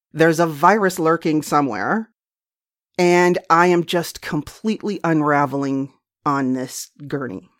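A middle-aged woman hosting a show, telling a personal story in a candid, profane, self-mocking way. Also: low-pitched. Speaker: podcast host.

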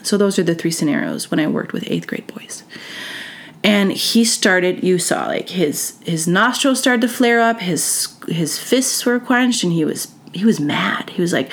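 A woman's voice: medium pitch, big pitch swings, unhurried. A woman hosting a podcast, telling a school story in a chatty way, full of fillers, acting out what others said. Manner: chatty, full of "like" and "you know", acts out quoted voices. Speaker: podcast host. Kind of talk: storytelling monologue.

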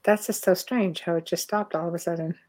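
A woman's voice: fairly low pitch, fairly even intonation, a little fast, a little mellow. A middle-aged Canadian woman hosting a casual chat over a video call, talking freely and laughing often. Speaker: host.

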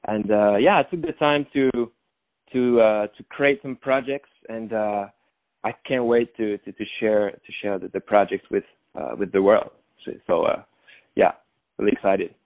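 A man answering interview questions as a guest musician, halting and repeating words as he goes. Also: fairly low pitch. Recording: phone-like line.

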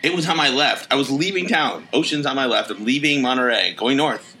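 A man from New York, a podcast guest, telling stories in lively casual chat and laughing often. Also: mid-range voice, brisk, a little hiss or hum, low-quality recording. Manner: animated storytelling, laughs often.

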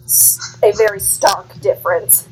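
A woman's voice: mid-range voice, steady tone, measured pace, over loud music, poor audio. A woman co-hosting a casual film-recap chat, blunt and sassy, swearing freely. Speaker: podcast co-host.

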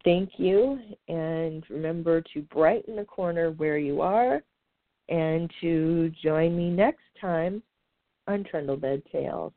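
A woman hosts her podcast in a casual, reflective way, sincere and a little hesitant, with small filler pauses. Her voice sits fairly low. The sound is dry and narrow, like a phone line. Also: dry recording. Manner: earnest and heartfelt, with frequent filler pauses. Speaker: podcast host.

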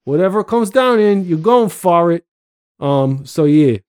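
Male podcast host, slightly high voice, loose and rambling, joking with profanity and filler words. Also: lively intonation, measured pace, a little mellow, smooth. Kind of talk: casual chat. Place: home, living abroad. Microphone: computer microphone.

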